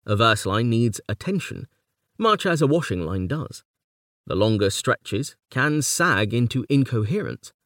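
Man reading a text with lively pitch. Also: dry recording, studio quality. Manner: measured, precise reading. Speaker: audiobook narrator. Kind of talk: scripted narration of a nonfiction text on poetry.

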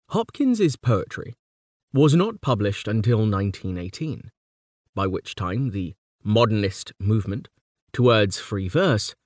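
A man reading a nonfiction book aloud, a measured narration that recites verse quotations with feeling. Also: lowish voice, darkish tone, no echo, studio quality. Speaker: audiobook narrator. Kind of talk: scripted narration of a book on poetry.

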